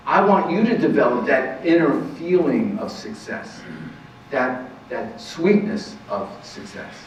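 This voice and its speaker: A man gives an earnest parenting talk as a counselor, stressing his points and asking rhetorical questions. He sounds far from the mic in a very reverberant room. The sound is muffled, with faint noise behind him. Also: medium pitch. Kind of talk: lecture to a live audience. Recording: very echoey, distant, muffled room recording.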